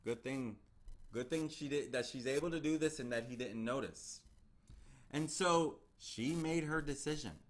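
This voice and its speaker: A man's voice: medium pitch, normal speed. A man hosting a true crime channel, telling the story in a casual, conversational way and repeating key phrases for emphasis.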